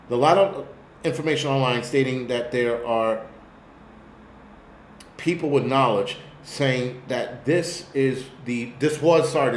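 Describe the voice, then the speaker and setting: A man's voice: mid-range voice, roomy sound, a little hiss or hum. Blunt, profane New York man ranting. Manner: blunt, profane, rambling rant. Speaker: host. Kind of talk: live-stream commentary.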